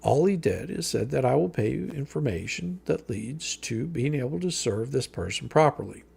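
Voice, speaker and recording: A man's voice: mid-range voice, expressive, normal speed, gravelly, a little mellow, husky. A man hosting a live stream, reading a legal filing aloud and answering each point with profane, sarcastic mockery. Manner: mocking, profane, sarcastic rebuttals.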